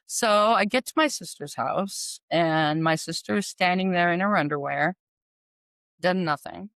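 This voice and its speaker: A woman's voice: lowish voice, fairly bright tone, dry recording. A middle-aged woman earnestly retelling a personal story, acting out the dialogue as she goes.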